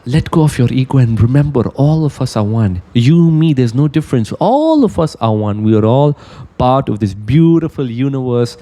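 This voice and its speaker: A male motivational speaker telling a fable in an earnest, emphatic way, stopping often to draw out its lessons. His voice sits at a middle pitch with a dark, mellow tone. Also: animated, moderate pace. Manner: earnest, emphatic storytelling with asides. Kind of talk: motivational storytelling.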